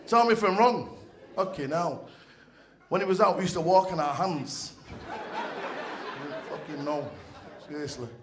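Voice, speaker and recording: A man's voice: fairly high pitch, a little slow, pauses often, background noise. A man doing stand-up storytelling on a club stage into a handheld mic, chatty and profane, often checking in with the crowd. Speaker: comedian. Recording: roomy club echo.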